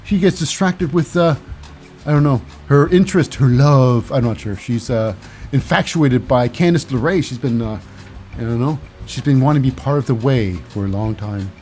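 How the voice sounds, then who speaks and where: A man hosting a casual wrestling recap, rambling and halting with lots of fillers, wry and cynical. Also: medium pitch, a little mellow, faint music behind. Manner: rambling, halting, full of uh and what's that. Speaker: host.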